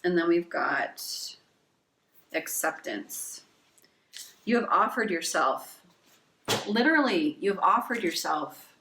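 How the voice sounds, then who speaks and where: A woman with a lowish voice gives a casual pick-a-card tarot reading, gushing with emotion and dropping casual swears. She reads oracle card messages aloud between her own reactions. The room is roomy, with a faint hiss behind her. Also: animated, slow, pauses often, sharp tone.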